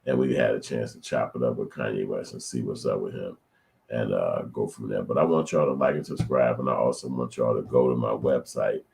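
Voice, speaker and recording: Gravel-voiced man, very deep. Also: fairly quick, background noise. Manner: loose, rambling, slangy talk. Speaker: channel host. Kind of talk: casual reaction commentary.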